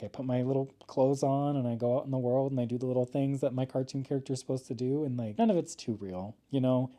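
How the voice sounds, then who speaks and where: A young American man talking to his camera at home in a casual vlog, campy and self-mocking, swearing freely with dramatic comic pauses. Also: medium pitch, dark tone. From United States. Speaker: YouTuber introducing his channel. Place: home, seated at couch or table. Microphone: camera mic.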